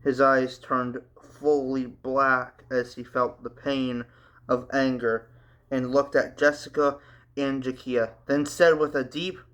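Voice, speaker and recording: A man hosting his channel, reading a manga story aloud with casual, animated asides. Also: medium pitch, slow. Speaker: channel host, story reader.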